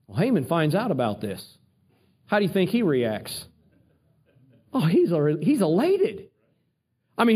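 High-voiced man preaching a story. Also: measured pace, long pauses, slightly rough. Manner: animated storyteller, repeats words, asks the audience. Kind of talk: sermon retelling a Bible story.

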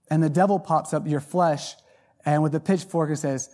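Brief: male lay preacher, fairly high mellow voice, folksy storytelling sermon, stumbles on repeated words. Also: fairly even intonation, moderate pace. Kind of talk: sermon testimony.

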